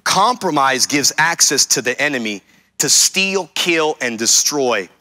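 A man's voice: medium pitch, expressive, a little slow, pushed and bright. A male pastor preaching a sermon, emphatic, repeating his key lines and speaking straight to the congregation.

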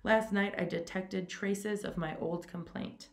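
A woman voicing a suave, menacing aristocratic male hunter with genteel, mocking courtesy, raised a little above her low, gravelly reading voice. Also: steady tone, unhurried.

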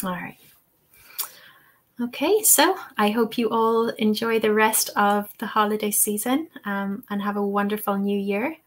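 A woman hosts a live online Q&A for English teachers. Her voice sits in a middle pitch. She sounds chatty and encouraging and keeps checking in with "okay". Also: measured pace. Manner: chatty, encouraging, peppered with "okay" and "you know". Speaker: webinar host and English-teaching trainer. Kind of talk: live webinar Q&A.

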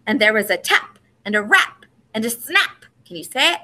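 Bright, lively woman reading to kids. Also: on the high side, normal speed. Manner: lively and expressive, invites listeners to repeat. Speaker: storyteller. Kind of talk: reading a picture book aloud to children.

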